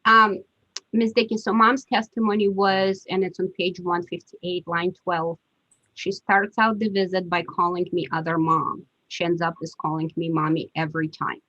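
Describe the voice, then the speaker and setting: A woman attorney questioning a witness in a court hearing over a video call, measured and often pausing with fillers. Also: on the low side, flat delivery, pushed and bright. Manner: measured, hesitant with frequent fillers. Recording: dull dry video-call audio.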